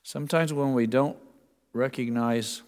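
A man's voice: mid-range voice, fairly even intonation, a little slow, darkish tone, clean tone, big-room sound. A man preaching a sermon as pastor, talking in a conversational way with restarts and repeated words.

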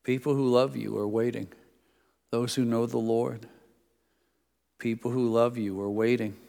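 A man's voice: mid-range voice, steady tone, a little slow, gravelly, mellow. A middle-aged male pastor giving a sermon, with folksy stories in a conversational preaching manner. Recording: long reverb of a church hall.

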